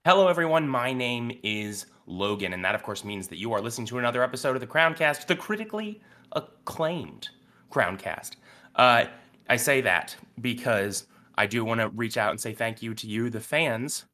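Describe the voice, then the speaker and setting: A man's voice: medium pitch, brisk, bright, forceful tone. A man hosting a casual sports podcast, upbeat and teasing in his chat. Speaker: podcast host.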